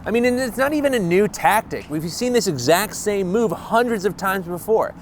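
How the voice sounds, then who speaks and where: A man's voice: high-pitched, expressive, moderate pace, slight background noise. A man hosting a comedic explainer video, delivering narration with sarcastic, jokey, mock-indignant asides. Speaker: host.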